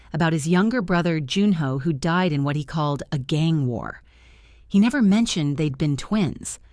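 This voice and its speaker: A woman narrates a dramatic romance story in an even, storytelling manner. Her voice is lowish, and the recording is close and completely dry. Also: no room sound.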